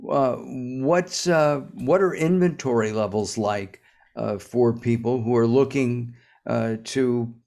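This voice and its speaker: Slow, halting male podcast host. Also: medium pitch, gravelly, darkish tone. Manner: halting, many "uh" fillers. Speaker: show host. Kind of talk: interview hosting.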